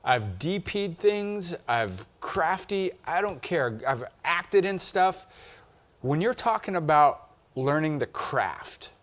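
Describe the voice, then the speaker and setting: A man's voice: a little high, very animated, slow pace, a bit bright. A man co-hosting a casual filmmaking chat, loose and joking but emphatic. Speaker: filmmaker co-host.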